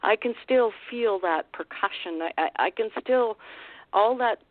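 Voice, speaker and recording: A woman from Vancouver Island, a guest on a radio show, telling a frightening encounter in an emotional, halting way with many restarts. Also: on the high side, no room sound. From Canada, Vancouver Island. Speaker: guest, Sasquatch researcher. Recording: dry, phone-like radio call line.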